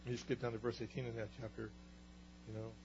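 A man giving conversational Bible teaching, animated and storytelling, with rhetorical questions, on a slightly muffled recording with a faint hum. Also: lowish voice, quick pace.

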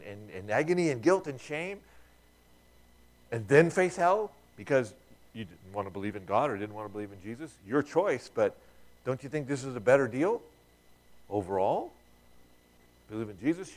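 Conversational male preacher, lowish voice. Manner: conversational preaching, rhetorical questions to the congregation; repeats words when restarting. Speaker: pastor. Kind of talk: sermon.

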